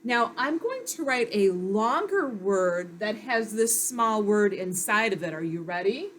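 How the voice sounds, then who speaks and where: A woman's voice: medium pitch, animated, a little slow, a little hiss or hum. A woman teacher giving a patient phonics lesson to young children, sounding out letters and praising them.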